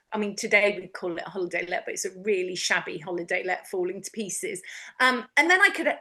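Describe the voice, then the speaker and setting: A middle-aged woman from the UK chats merrily and laughs often as she tells a tale. Her voice sits high and swoops freely through a lively range. The tone is bright and ringing. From United Kingdom. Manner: jolly, animated storyteller who laughs often. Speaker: guest, past life regression therapist. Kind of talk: casual storytelling chat.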